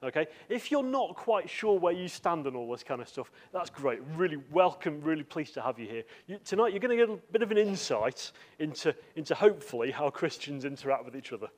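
A man's voice: on the high side, sing-song, brisk, hardly any pauses, a little mellow. A man preaching in a church with a slightly raised voice. He speaks in a loose, chatty way, full of asides and little fillers as he addresses the congregation. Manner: conversational, with frequent fillers and asides. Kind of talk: sermon.

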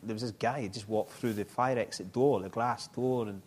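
A middle-aged man, telling his life story in an interview, halting and reflective with frequent restarts. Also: lowish voice, fairly even intonation, a little mellow, slight background noise. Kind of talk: personal testimony in an interview.

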